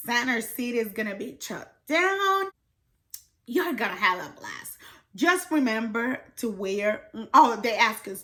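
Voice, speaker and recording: A young woman casually telling a travel story, chatty and animated, acting out what people said. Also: medium pitch. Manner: chatty, animated retelling with quoted voices and laughs. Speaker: travel vlogger.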